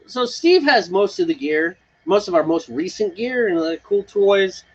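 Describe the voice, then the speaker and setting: A man's voice: high-pitched, lively intonation, measured pace. Guy rambling on a porch brew stream, laughs a lot, kinda muffled audio. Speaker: homebrew show co-host. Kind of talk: casual live-stream chat. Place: front porch patio, outdoors.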